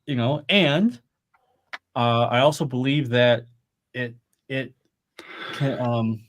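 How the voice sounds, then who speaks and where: A man's voice: medium pitch, takes it slowly. A middle-aged man talking casually on a live stream, rambling and swearing freely. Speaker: podcast co-host. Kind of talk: casual chat.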